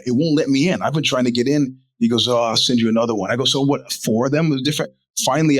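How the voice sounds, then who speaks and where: A man's voice: medium pitch, fairly bright tone, no room sound, low-quality recording. A man hosting his own show, telling a long exasperated anecdote in a wry, profane, casual way and laughing now and then. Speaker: podcast host.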